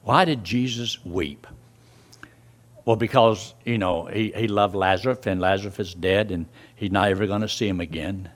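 A man's voice: on the low side, moderate pace. A man preaching a sermon, reading scripture verses aloud and explaining them to his listeners. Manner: reads scripture aloud and explains it, voice rising and dropping sharply.

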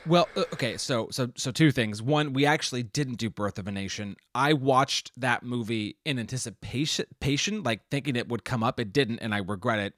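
A man's voice: medium pitch, moderate pace, hardly any pauses, fairly bright tone, no room sound, studio quality. A man co-hosting a film review podcast, chatting casually and rambling with many restarts. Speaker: podcast co-host.

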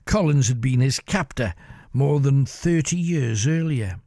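A man telling a grisly tale in a measured, dramatic storytelling manner as the show's host. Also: mid-range voice, animated, mellow, no echo, clean studio sound.

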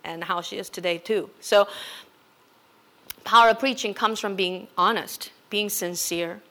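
A woman's voice: medium pitch, fairly even intonation, a little slow, a bit bright. A woman pastor giving a sermon in a conversational way, building to emphatic exhortation.

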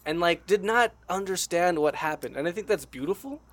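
A man's voice: high-pitched, expressive, a little fast, a bit bright, no echo. A young man, a podcast host, telling a crude college story in casual, laid-back chat.

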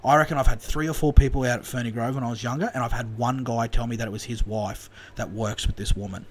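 A young Australian man spins an animated yarn on a casual podcast, swearing freely and dropping in voices for the people in the story. His voice sits at an ordinary middle pitch. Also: fast, slight background noise. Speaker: podcast co-host.

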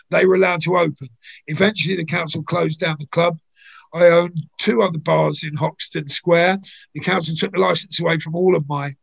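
An older man, a guest in an interview, telling anecdotes in a chatty way full of "you know"s, with a gravelly, husky voice. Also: a little high, a bit bright. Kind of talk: conversational storytelling.

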